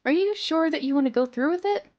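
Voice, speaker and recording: A woman's voice: sits high, animated, fast, a little mellow, muffled recording, pitched above the performer's own voice. A woman reading aloud as a kind young woman florist, in a plain script-reading manner. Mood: gentle.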